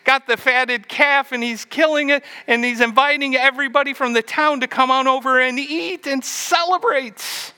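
A man voicing an excited male servant who rushes out his news in breathless, run-on sentences. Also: extremely high pitch, clear, resonant tone, voice pushed up, heavily acted.

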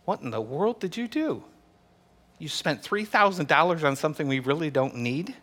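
A man voicing an exasperated wife who scolds her husband in a shrill voice. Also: animated, moderate pace, fairly bright tone. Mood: incredulous. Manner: shrill, railing.

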